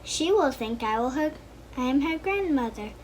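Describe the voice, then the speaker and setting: A woman putting on a crafty, sweetly gruff wolf. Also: sits high, animated, moderate pace, a little hiss or hum. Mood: gloating. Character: crafty gruff male wolf, sly and polite.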